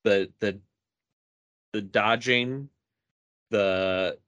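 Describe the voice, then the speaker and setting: A laid-back male co-host talks at an unhurried, drawn-out pace in a fairly low voice. His sound is close and dry, with no room around it. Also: steady tone, fairly bright tone, no echo. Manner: laid-back, agreeable, short replies. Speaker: podcast co-host. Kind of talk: casual chat.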